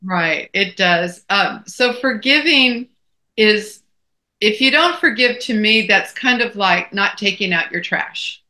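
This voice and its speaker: A woman's voice: mid-range voice, expressive, slow, pushed and bright. A middle-aged woman co-hosting a casual chat, telling folksy stories. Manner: folksy storytelling. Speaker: co-host.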